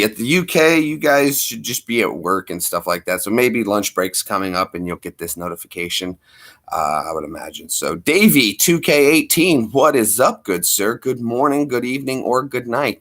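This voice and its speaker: A man's voice: on the low side, a bit bright. A man chatting casually on his live stream, rambling and repeating himself as he greets viewers.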